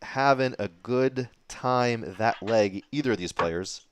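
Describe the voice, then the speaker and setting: A man doing live darts commentary, getting excited on big throws. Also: medium pitch, takes it slowly, noisy background. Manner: excitable, rises sharply on big moments.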